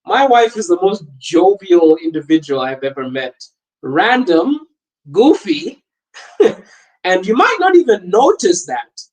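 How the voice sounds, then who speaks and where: A man's voice: high-pitched, slow pace, rough recording. A young man from Botswana hosting a podcast livestream, chatting casually, joking and laughing often while reading viewer comments. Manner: laughs often, animated and jokey. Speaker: podcast host reading live chat. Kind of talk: casual live-stream chat.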